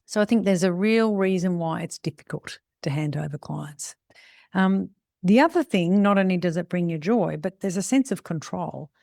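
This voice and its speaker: A middle-aged woman salon mentor talking casually, acting out quick voices of clients and staff as she tells stories. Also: fairly low pitch, a little mellow, dry recording, clean studio sound. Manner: chatty, acts out little quoted voices. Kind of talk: casual advice talk.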